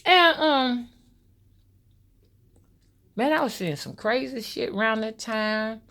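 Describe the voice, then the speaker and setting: A woman's voice: on the high side, animated, slow, a bit bright. A woman, a spiritual rootworker talking loosely and directly to her viewers. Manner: loose, storytelling, addresses viewers as y'all. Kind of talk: casual spoken monologue to viewers.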